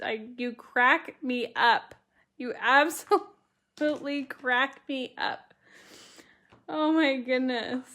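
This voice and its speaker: Craft instructor, woman, high voice, unhurried, keeps giggling while she chats with her viewers. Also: a bit bright. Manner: giggly, laughing through her words; bubbly and chatty, reading out viewer comments. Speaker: watercolor stamping instructor. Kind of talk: live-stream craft tutorial, chatting with viewers.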